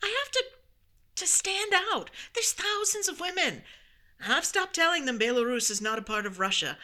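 A woman's voice: high-pitched, sing-song, normal speed, sharp tone, exaggerated voice. A woman reading a sarcastic young office worker. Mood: wry. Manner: cold read, plain voice. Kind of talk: cold-read stage play.

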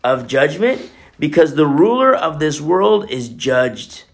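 A man's voice: a little high, big pitch swings, slow pace. A male pastor delivers a sermon in an emphatic preaching manner. He drives points home with rhetorical questions and repeats phrases for weight.

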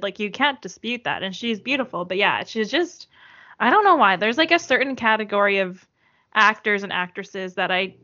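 Giggly, chatty woman, bright lo-fi voice. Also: medium pitch. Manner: chatty, giggly, lots of filler words. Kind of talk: casual chat. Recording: dull lo-fi sound.

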